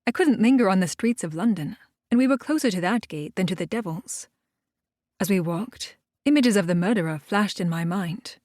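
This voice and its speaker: Female audiobook narrator, steady even first-person reading, no room sound. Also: medium pitch, normal speed, dry recording, studio quality.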